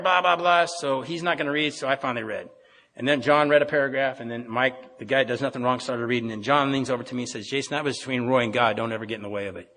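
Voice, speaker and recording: Fast-talking man in an echoing hall. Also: medium pitch, a bit bright. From Pacific Northwest of the US. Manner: plainspoken, storytelling with repeated restarts. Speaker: AA meeting speaker. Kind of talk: personal recovery story told to a meeting. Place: meeting hall. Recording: reverberant meeting hall.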